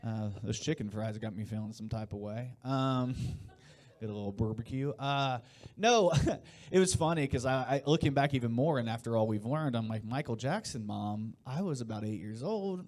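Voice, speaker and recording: A man in his late thirties from Indiana works a live stand-up set in a loose, rambling way, chatting with the crowd and laughing at his own jokes. His voice sits at an ordinary middle pitch for a man, neither high nor low. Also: moderate pace, a little mellow. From Indiana, USA. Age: 30s. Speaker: stand-up comedian. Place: live comedy show before an audience.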